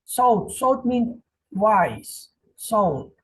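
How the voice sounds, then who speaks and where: A man teaching a classroom Quran lesson, drilling each word slowly and repeating the meanings. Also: sits high, very animated, husky, poor audio. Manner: slow, repetitive, drilling word by word.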